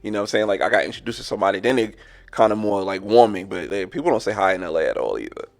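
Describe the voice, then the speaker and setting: A man from Long Island, co-hosting a casual podcast and telling stories with lively quoted dialogue. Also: racing, gravelly. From New York, Long Island. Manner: animated, acts out quoted dialogue with big pitch jumps. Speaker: podcast co-host. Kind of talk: casual storytelling chat.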